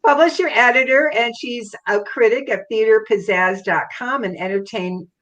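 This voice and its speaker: A woman's voice: a little high, normal speed, a bit bright, highs cut off. A woman hosting a live online book celebration, upbeat and bubbly as she introduces guests. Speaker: host.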